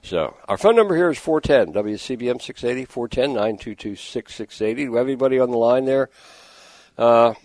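A man's voice: medium pitch, expressive, fairly quick, darkish tone, dry recording. A middle-aged man hosting a call-in fishing radio show, telling a story with exasperation and reading sponsor ads. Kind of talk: casual radio talk. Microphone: studio microphone with headphones.

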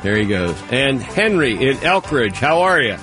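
A man's voice: medium pitch, very animated, moderate pace, fairly bright tone, faint music behind. A man hosting a call-in radio show, friendly and easygoing, thinking aloud with some restarts. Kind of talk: casual call-in radio chat.

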